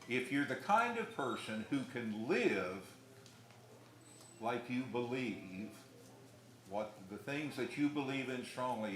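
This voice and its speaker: A middle-aged man preaching a sermon in a church, telling folksy stories with pauses and restarts. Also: mid-range voice. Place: church hall. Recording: echoey room with faint noise.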